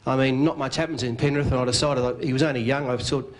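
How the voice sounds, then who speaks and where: A man with an Australian accent telling a comic story at a club dinner, spinning a yarn with quick punchlines and doing the other man's lines. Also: mid-range voice, fairly even intonation. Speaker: after-dinner speaker. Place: club function room.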